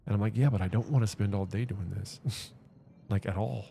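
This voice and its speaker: A man's voice: fairly low pitch, brisk, vocal fry, dark tone, slight background noise. A man streaming, telling a personal story in an earnest, rambling way with many restarts and repeated words. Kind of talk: casual livestream chat.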